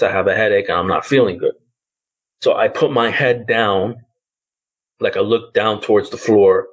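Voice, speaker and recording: A man's voice: on the low side, fairly bright tone, muffled recording. A fiftyish man telling a ghost story. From the Bronx, New York. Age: around 50. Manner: loose, hesitant storytelling with many fillers like "like" and "um". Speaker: podcast guest.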